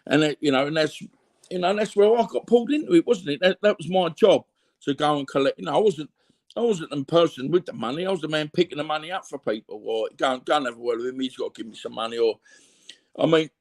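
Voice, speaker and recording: In a brisk, slightly high voice, a middle-aged Cockney interview guest from London recounts stories candidly. He's blunt and rambling, repeating himself and filling gaps with fillers as he chats.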